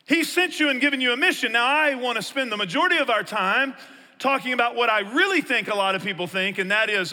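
A man's voice: very high-pitched, lively intonation, fairly quick, sharp tone, long reverb tail. A man, a pastor preaching a conversational sermon and acting out his listeners' objections.

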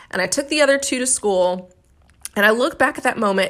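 A woman's voice: on the high side, moderate pace, fairly bright tone. A woman in her thirties hosting a podcast, telling a candid, self-critical story about her mornings as a mother. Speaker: podcast host.

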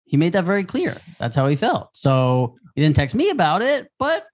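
A man's voice: a little high, wildly swooping pitch, moderate pace. A man co-hosting a podcast in casual chat, teasing and wisecracking. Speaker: podcast co-host.

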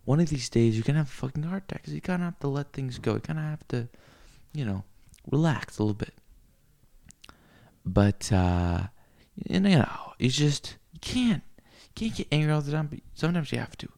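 A man rambling through a crude comic monologue, cursing freely and swinging into loud rants. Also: on the high side, expressive, moderate pace, vocal fry.

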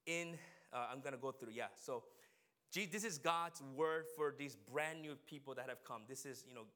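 A man's voice: mid-range voice, moderate pace, a bit bright. A man preaching a conversational sermon, chatting with the congregation and asking people questions by name. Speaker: pastor.

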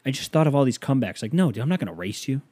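Give me a man hosting a podcast at home, rambling and self-mocking, with a warm, dark tone. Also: mid-range voice, very animated, racing, husky, dry recording. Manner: rambling, self-mocking, bursts into angry rants. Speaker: podcast host. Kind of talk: casual comedic storytelling. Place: bedroom with a fan running.

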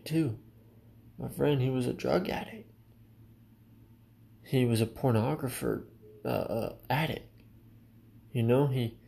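A man's voice: mid-range voice, vocal fry, dark tone. A man preaching a sermon in an earnest, direct way, often addressing listeners as his friend.

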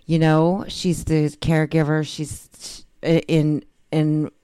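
A woman's voice: deep voice, level tone, slow, dark tone, clean tone, dry recording. A woman talking earnestly and a bit rambling in a casual recovery chat, often restarting her sentences.

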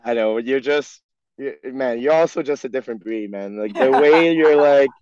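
Speaking at medium pitch and a moderate pace over a noisy background, this young French-speaking hockey pro rambles through a casual podcast chat in French Canadian-accented English. "Like" and "you know" pepper his talk, and the audio is dry, dull and lo-fi.

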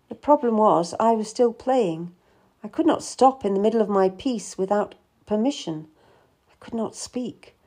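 A woman narrating a historical story in the first person, reading in a measured, gentle way. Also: mid-range voice. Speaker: audiobook reader.

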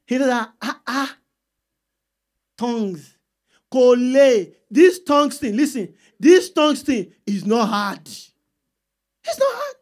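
A woman's voice: fairly high pitch, lively intonation, slow pace, darkish tone. A woman preaching a sermon, repeating points and calling for answers from the congregation. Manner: call-and-response with the congregation, emphatic repeats.

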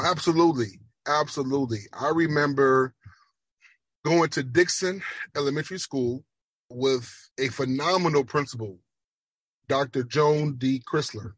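Husky Chicago man with a Jamaican lilt. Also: mid-range voice, no echo. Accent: Jamaican-influenced Chicago. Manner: emphatic, measured, slows for emphasis. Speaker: speech language pathologist guest. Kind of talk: earnest interview answers.

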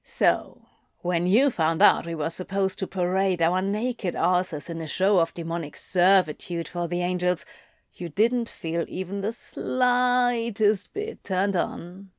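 A cheeky grown male demon, as a woman reader puts him on, sly and coarse-mouthed, drawling his teasing lines slowly. The voice sits close and dry, with no room around it. It reads like a storybook character, playful and smug. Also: lowish voice, no room sound. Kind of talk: audiobook reading of fan fiction.

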